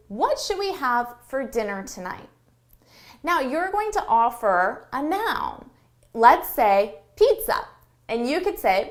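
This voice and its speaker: A woman teaching an online English lesson, speaking clearly and emphatically and shifting her tone to demonstrate phrases. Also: high voice.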